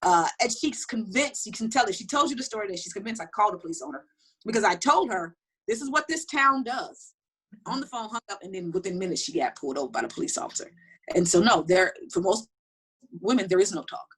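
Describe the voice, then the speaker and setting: A middle-aged woman telling personal stories in an interview, talking quickly and animatedly with many restarts. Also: medium pitch, slightly rough. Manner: fast, animated storytelling with frequent restarts. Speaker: interview guest. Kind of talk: candid personal storytelling.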